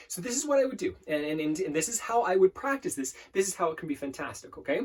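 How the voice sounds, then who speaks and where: A male life coach talks to camera about affirmations in an earnest self-help lesson, often repeating words and restarting, slowing down to demonstrate. His voice is fairly high, sing-song and slightly rough.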